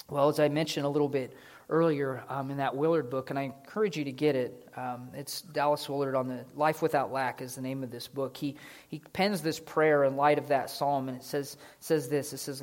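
A male pastor preaching a sermon in a casual, conversational way, slipping into lively voiced asides. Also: mid-range voice, a little fast.

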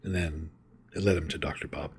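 A man's voice: very deep voice, steady tone, fairly quick, slightly rough. A man hosting a podcast, reading a passage aloud and commenting on it in an earnest, conversational way.

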